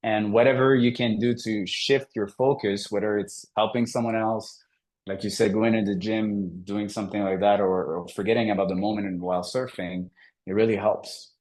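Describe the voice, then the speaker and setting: A man's voice: lowish voice, moderate pace. A man, a coach and podcast guest, telling a story in a conversational interview and acting out the quoted dialogue. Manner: animated, acts out quoted dialogue.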